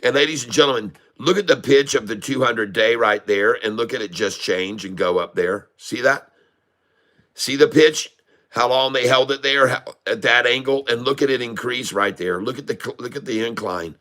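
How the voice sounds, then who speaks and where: A man giving excited live commentary on a stock chart, full of folksy slang and exclamations. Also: mid-range voice, moderate pace. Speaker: day-trading streamer.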